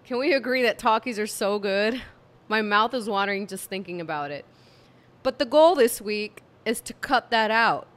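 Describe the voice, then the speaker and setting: A woman vlogging at home, talking to camera in a tired, low-energy, monotone way. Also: normal speed. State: fatigued. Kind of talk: casual talk to camera. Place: home room with candle and cats.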